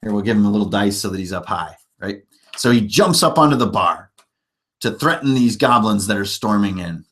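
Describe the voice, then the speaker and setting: A man's voice: fairly low pitch, animated, a little fast, fairly bright tone. A man teaching beginners how to run a tabletop game on a livestream, blunt and emphatic.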